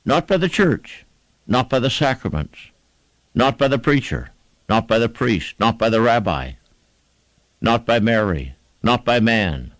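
A man's voice: mid-range voice, big pitch swings, measured pace, dry recording. A man preaching a sermon with emphatic, rhythmic repetition and an old-fashioned preaching cadence.

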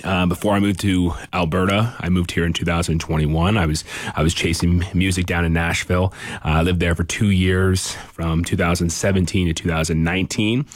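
A man in his thirties, a musician guest, talking in a relaxed casual way with many fillers. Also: deep voice, fairly quick, dry recording. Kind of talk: casual interview.

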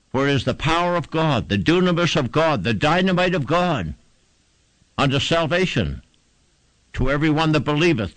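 A man's voice: medium pitch, fairly bright tone, dry recording, low-quality recording. A man preaching a sermon, fervent and emphatic, building repeated phrases to a climax.

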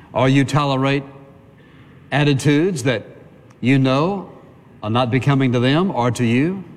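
Man preaching a sermon in a reverberant hall. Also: mid-range voice. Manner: conversational preaching, asks congregation for amen.

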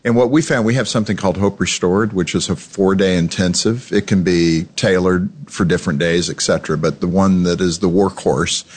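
A man's voice: sits low, fairly even intonation, fairly quick, few pauses, husky. A man hosting a conversation, talking casually and thinking aloud as he asks questions. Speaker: radio show host. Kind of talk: conversational interview.

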